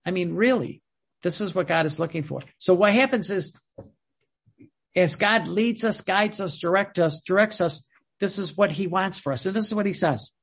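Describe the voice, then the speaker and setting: A man preaching with fervour, his voice pitched high with a gravelly edge. He often repeats words and phrases to drive a point home, in a husky tone. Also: moderate pace, a bit bright. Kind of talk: sermon.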